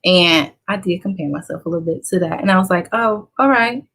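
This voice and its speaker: Woman, 30s, beauty vlogger; low voice with gravelly fry, chatty and encouraging with her audience. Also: steady tone, fast talker, fairly bright tone. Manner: chatty, encouraging, talks straight to viewers. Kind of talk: casual makeup tutorial chat.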